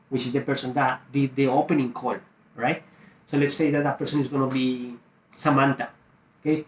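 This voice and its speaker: A man's voice: medium pitch, level tone, moderate pace, reverberant. A man coaching real estate wholesalers, teaching a phone script and acting out both sides of the call.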